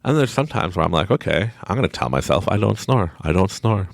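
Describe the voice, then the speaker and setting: A middle-aged man hosts a podcast from home late at night, in a low, gravelly voice. He rambles through a motivational talk, laughing at himself often, with pitch that swings widely. The recording is dry and close. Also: big pitch swings, fast talker, no echo. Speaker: podcast host. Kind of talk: casual motivational monologue.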